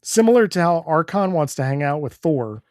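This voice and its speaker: A man's voice: a little high, animated, moderate pace, darkish tone, dry recording, clean studio sound. A man co-hosting a comics podcast, recapping the plot in an easygoing way with fillers. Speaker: podcast co-host. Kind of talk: casual comics chat.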